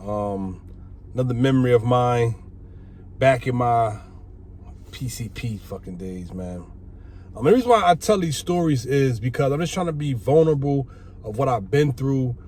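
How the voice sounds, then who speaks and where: Animated, profane man telling stories. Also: medium pitch, normal speed. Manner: animated, profane, acts out quoted voices. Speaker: vlogger telling his life story. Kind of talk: casual storytelling monologue. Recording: faint background noise.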